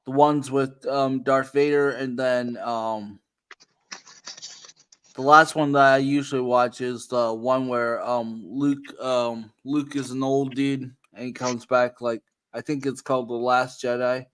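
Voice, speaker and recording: A man's voice: medium pitch, level tone, measured pace, a little hiss or hum. A man hosting a casual stream chat, rambling with lots of ums and some cussing. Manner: rambling with many ums and profanity. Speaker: streamer host.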